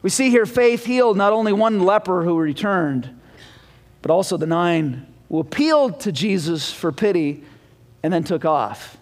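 A man's voice: high voice, lively intonation, moderate pace. A man preaching a sermon in a folksy manner, asking his listeners questions. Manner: folksy, asks the congregation questions. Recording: long reverb of a church hall.

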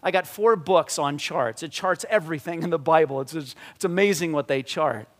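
A man preaching a sermon, animated and conversational, often restarting his sentences. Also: fairly high pitch, normal speed. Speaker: pastor.

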